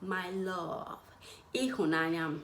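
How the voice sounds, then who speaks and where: A young woman teaching Igbo words in a casual, playful way, laughing often and repeating words slowly. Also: fairly low pitch, a bit bright, roomy sound, a little hiss or hum. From Nigeria, Igbo. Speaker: language teacher. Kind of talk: casual language lesson.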